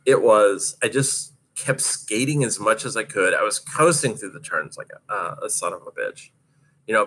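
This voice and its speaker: A man's voice: lowish voice, bright, forceful tone, breathy edge. A man casually recounting a hard skating practice, laughing often and swearing freely as he tells it. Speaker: roller derby skater recounting practice. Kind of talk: casual storytelling monologue.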